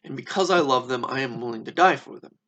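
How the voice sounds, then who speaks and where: A man voicing an absurdly polite, stubborn old male philosopher who reasons calmly. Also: medium pitch, quick pace. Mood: earnest. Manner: calm, reasoning, politely defiant.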